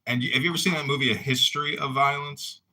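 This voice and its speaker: A middle-aged man and mayoral candidate telling rambling, animated anecdotes in a casual audio chat room. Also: medium pitch, fast talker.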